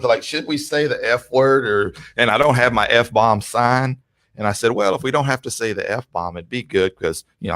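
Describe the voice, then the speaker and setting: A man hosting a casual podcast interview, chatty and quick to cut in. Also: lowish voice, fairly bright tone. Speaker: podcast host.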